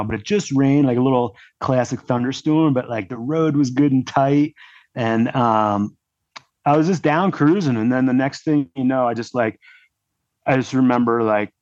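A man speaking as a podcast guest, telling a long story in a loose, rambling way full of fillers. His voice sits at a middle pitch. The recording sounds dull and lo-fi, with a very dry, close feel. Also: a little mellow, no room sound. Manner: rambling, heavy use of "like" fillers. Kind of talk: casual storytelling.

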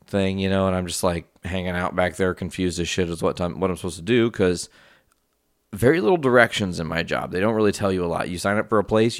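A man's voice: on the low side, no echo, clean studio sound. A young man hosting his own show, telling a rambling, profane story in a casual monologue full of asides. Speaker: podcast host.

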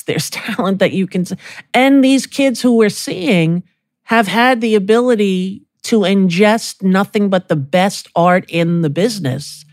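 A woman's voice: mid-range voice, darkish tone, no echo. Dry-voiced woman in her sixties hosting. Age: 60s. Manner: affectionate, calls her guest honey. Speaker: podcast host. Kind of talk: casual conversation.

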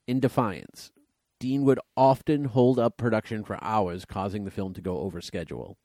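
A man's voice: on the low side, moderate pace, warm tone, no echo, clean studio sound. A man co-hosting a casual movie podcast, rambling a little and reading trivia aloud. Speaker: podcast co-host.

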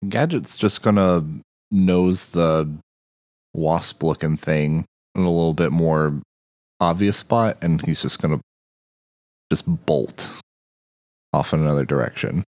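A woman's voice: rumbling low, takes it slowly, long pauses, a little mellow, no echo, clean studio sound. A woman playing a tabletop game, describing her cat character's moves hesitantly. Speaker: player.

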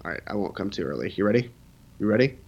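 A man's voice: sits low, animated, racing, lo-fi sound, very noisy. A man co-hosting a casual live stream, cutting in with playful teasing jokes. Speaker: co-host, website builder.

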